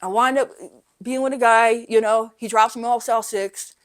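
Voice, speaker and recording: A woman's voice: a little high, steady tone, moderate pace. Candid woman telling her recovery story. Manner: rambling and candid, with frequent "right?" and "you know"; often drops to a quiet voice when reliving hard moments. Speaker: podcast guest. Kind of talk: telling her life story in a casual interview.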